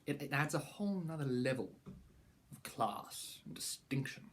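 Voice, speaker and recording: A man's voice: a little high, expressive, a little slow. A young man giving a casual product review, rambling and playful, with mock-grand praise.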